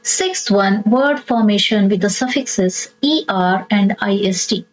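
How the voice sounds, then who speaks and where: A woman teacher with an Indian English accent, slowly reading out and explaining textbook exercises. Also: mid-range voice, lo-fi sound. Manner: slow, deliberate reading of exercises.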